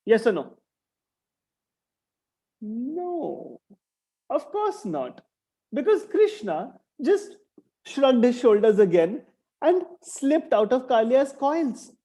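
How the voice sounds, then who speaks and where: Mellow animated male storyteller. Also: very high voice, slow pace, long pauses. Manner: expressive, with sound effects. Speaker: children's storyteller.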